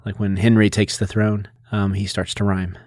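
A man's voice: on the low side, level tone, moderate pace, a little mellow, no echo, studio quality. A man co-hosting a podcast, explaining things at length in a casual, lecturing way with plenty of fillers. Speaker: podcast co-host. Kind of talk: casual literary discussion.

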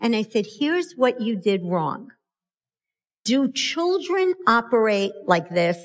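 Slow, emphatic woman parenting speaker. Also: fairly high pitch, very animated. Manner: storytelling, emphatic, acts out quotes. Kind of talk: motivational talk to an audience.

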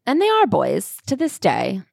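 A woman's voice: medium pitch, unhurried, creaky, dry recording. Casual woman podcast co-host, dry sound. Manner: relaxed storyteller, peppered with "like". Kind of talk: casual book-summary chat.

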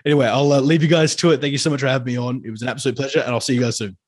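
A man's voice: medium pitch, steady tone, rapid-fire, husky. An Australian man chatting casually as a podcast guest, joking and laughing as he tells stories. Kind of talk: casual chat.

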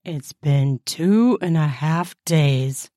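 A woman voicing a gentle, soft-spoken male artist who talks quietly and calmly. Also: dry recording, studio quality. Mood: tender. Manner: quiet, slow, low and calm.

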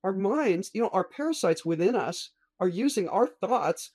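A woman's voice: mid-range voice, lively intonation, moderate pace, a little mellow, breathy edge, no echo. A woman physician talking as a guest in a casual discussion, blunt and emphatic.

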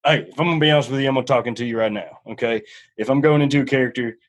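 A man's voice: medium pitch, racing. A young man hosting a casual podcast chat, laid-back, calling his guest dude and laughing easily. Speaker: podcast host.

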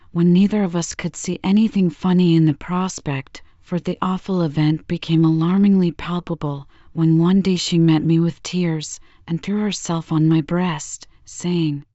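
A woman reading a long story aloud to lull listeners to sleep, in a soft, calm voice that slips into whispers. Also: on the low side, a little slow, no room sound, dull audio. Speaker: sleep podcast reader. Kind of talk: slow bedtime story reading.

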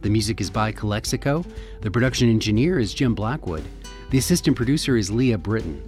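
A man's voice: fairly low pitch, expressive, a little fast, a little mellow, soft background music. A man hosting a public radio arts show, reading scripted introductions and credits in an upbeat, announcer-like way. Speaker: radio host and producer.

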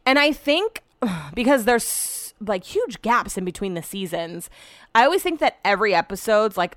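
A woman's voice: medium pitch, fairly bright tone, no echo. A woman hosting a solo podcast, chatting casually in a rambling way, swearing freely and trailing off mid-sentence. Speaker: podcast host. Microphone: podcast microphone.

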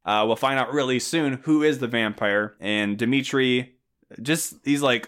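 A man co-hosting a podcast, recapping a movie in casual chat, sarcastic, swearing and slipping into quick voices for the characters. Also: medium pitch, a bit bright, clean tone. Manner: swears casually, laughs at own jokes. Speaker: podcast co-host.

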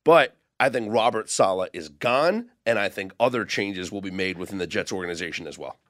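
A man's voice: on the low side, a little fast, a bit bright. A man on a sports betting podcast, casually recounting football news in detail.

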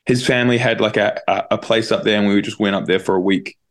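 Speaking fast in a fairly low, steady voice, a New Zealand man in his twenties rambles through a story as a guest musician on a video call. He leans heavily on the word "like" throughout the casual telling.

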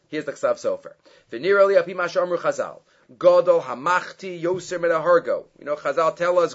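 A man teaching a Torah class, chanting Hebrew source texts and then explaining them in English. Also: on the high side. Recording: dull lo-fi recording.

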